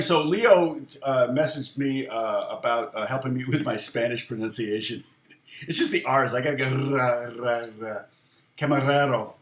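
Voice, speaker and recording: A man's voice: medium pitch, fairly bright tone, roomy sound. A man teaching guitar on a casual live stream, chatting with viewers in a self-deprecating way and laughing often.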